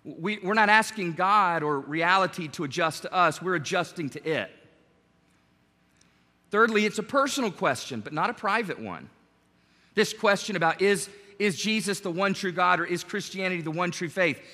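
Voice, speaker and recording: A man preaching a sermon as pastor, animated and conversational, joking with his congregation. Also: high-pitched, moderate pace, long reverb tail.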